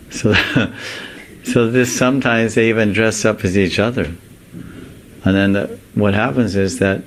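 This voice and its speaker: A monk teacher giving a devotional sermon in slow, deliberate, animated storytelling. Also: male voice, lowish voice, slight background noise, low-quality recording.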